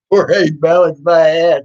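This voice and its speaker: Brief: sarcastic ranting man, high voice, slow drawl, dull lo-fi audio. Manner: mocking, sarcastic, laughs often, swears. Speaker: streamer responding to trolls. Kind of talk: casual ranting livestream.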